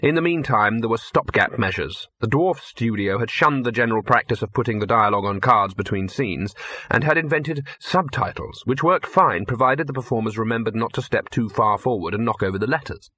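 A man's voice: mid-range voice, lively intonation, fairly quick, sharp tone, slightly rough. A man reading a comic fantasy story aloud in a dry, wry storytelling manner. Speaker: audiobook narrator. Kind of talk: scripted narration.

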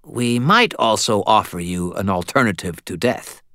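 A man voicing a coolly polite, formal male vampire envoy in an audiobook, measured and speaking in the royal we. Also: fairly low pitch, animated, sharp tone, dry recording, clean studio sound, pitched above the performer's own voice. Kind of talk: audiobook character voice.

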